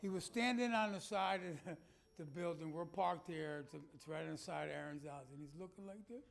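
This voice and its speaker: A pastor speaks to his church as he clicks through trip photos. His voice is high for a man and carries a gravelly rasp. He punches key words with emphatic, folksy energy. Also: fairly quick. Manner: animated and emphatic, folksy asides. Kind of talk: slideshow talk to a congregation.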